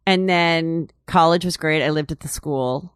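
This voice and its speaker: A woman's voice: sits low, unhurried, clear, resonant tone, no echo, studio quality. A woman talking as an interview guest, rambling and candid, full of "like" and "you know". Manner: chatty and candid, laughs while telling. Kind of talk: casual storytelling interview.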